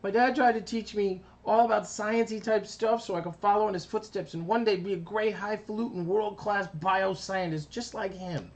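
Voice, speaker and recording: A man's voice: high-pitched, fairly even intonation, moderate pace, hardly any pauses, pitched above the performer's own voice. A man voicing an exasperated young big brother in a cartoon, patient but fed up. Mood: reassuring. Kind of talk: reading a cartoon script aloud.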